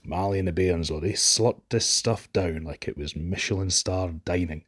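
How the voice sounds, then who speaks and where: A man with a Scottish accent telling a Shetland folk tale in a lively, expressive way. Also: deep voice, normal speed. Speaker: storyteller.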